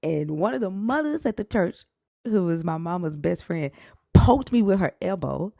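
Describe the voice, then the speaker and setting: Woman, low voice, gravelly, dry close sound, blunt emotional storytelling, swears freely. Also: animated, moderate pace, dark tone, no echo. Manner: rambling with restarts and quoted outbursts. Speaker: live stream guest. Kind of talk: casual personal storytelling.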